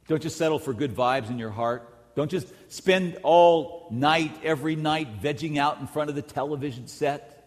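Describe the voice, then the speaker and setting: A middle-aged man preaching a sermon as a pastor, emphatic, rising to loud peaks and dropping to quiet asides. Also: mid-range voice. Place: large church sanctuary. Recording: long hall reverb in a large church.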